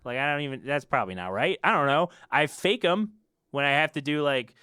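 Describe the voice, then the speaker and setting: A man's voice: fairly high pitch, lively intonation, brisk, music in the background. A young man hosting his own podcast, ranting off the cuff with laughter and exasperation. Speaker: podcast host and musician.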